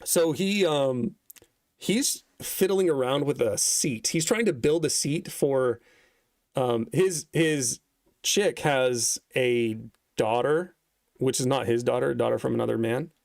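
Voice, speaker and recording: A man's voice: medium pitch, slow pace, creaky, darkish tone, dry recording, studio quality. Laid-back, rambling young man telling a story. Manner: rambling, profane, laid-back with many fillers. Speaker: vlogger. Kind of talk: casual storytelling.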